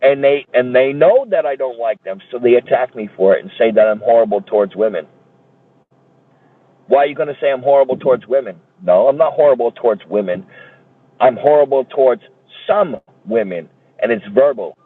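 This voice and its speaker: A man's voice: mid-range voice, lively intonation, a little fast. A man ranting in a heated, profane and repetitive way, as if streaming a monologue. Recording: tinny phone-like dry audio.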